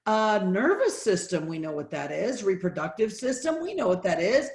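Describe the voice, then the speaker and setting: A middle-aged woman from Texas, slightly hoarse, giving an emphatic, repetitive motivational sales presentation over a video call. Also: mid-range voice, big pitch swings, moderate pace, darkish tone. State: hoarse from allergies. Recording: roomy echo.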